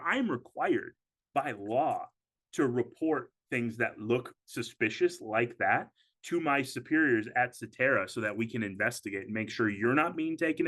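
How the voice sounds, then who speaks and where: A man of middle pitch presents a webinar as a financial advisor. He talks casually and conversationally, often pausing on fillers and restarting his sentences. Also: a bit bright.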